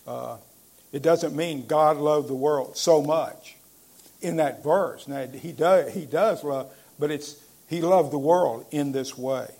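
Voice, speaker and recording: A pastor delivering a sermon in a fairly high, gravelly voice. He preaches emphatically, pauses often on "uh", and slows right down when reading scripture aloud. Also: a little mellow.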